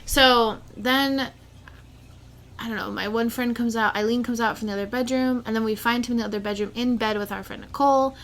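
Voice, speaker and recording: A woman's voice: fairly high pitch, fairly quick, a little hiss or hum. A young woman co-hosting a podcast, telling a story in casual chat with lots of "like". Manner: animated, says "like" constantly. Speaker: podcast co-host.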